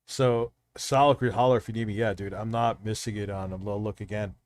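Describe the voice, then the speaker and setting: A man's voice: lowish voice, fairly even intonation, fairly quick, darkish tone, no echo. Foul-mouthed male streamer, dry close sound. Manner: profane, rambling, talks straight to chat. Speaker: live streamer host. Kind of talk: casual live-stream chat.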